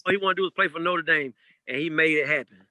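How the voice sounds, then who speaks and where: A man, a DJ and a father, telling personal stories in a casual podcast chat, animated and laughing as he goes. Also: a little high, fast talker, a little hiss or hum, low-quality recording. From Georgia, USA. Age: adult parent. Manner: animated storyteller, laughs through anecdotes. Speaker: guest DJ.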